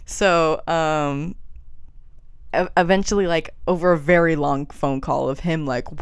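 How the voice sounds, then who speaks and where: A woman's voice: low-pitched, steady tone, unhurried, clean tone, no room sound, studio quality. A young woman co-hosting a casual podcast, telling a story with frequent laughter and filler words. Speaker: podcast co-host. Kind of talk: casual chat. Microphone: webcam or camera in a room.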